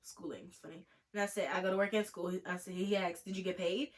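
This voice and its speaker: A woman's voice: lowish voice, quick pace. A young woman vlogger telling a story in a chatty, sarcastic way, often mimicking the people she quotes. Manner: animated, sarcastic, jumps into mocking quoted voices. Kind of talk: storytime vlog.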